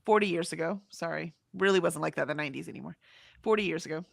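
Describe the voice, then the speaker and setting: A woman's voice: low voice, rapid-fire, vocal fry, dry recording, studio quality. A middle-aged woman co-hosting a casual livestream, reading chat comments aloud in a chatty way. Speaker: co-host of a livestream.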